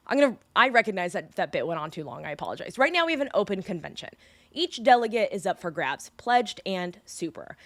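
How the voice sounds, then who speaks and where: A woman's voice: mid-range voice, a little fast, no room sound. A young woman from California hosting a daily news podcast, explaining the news in a chatty, joking way. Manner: chatty and joking, lively asides.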